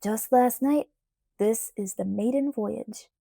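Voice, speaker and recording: A relaxed, playful teenage boy voiced by a woman reading an audiobook talks softly and unhurriedly. The tone is mellow. The sound is dry and close. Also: fairly high pitch, slow pace, gravelly, no room sound, full character voice.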